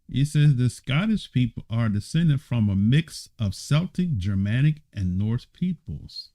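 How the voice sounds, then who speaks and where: A man teaching a Bible study, reading passages aloud and commenting on them. His voice sits at a middling pitch but swings up and down freely. He breaks off often for playful, mock-surprised exclamations. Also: unhurried, dry recording. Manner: animated, teasing asides with laughter.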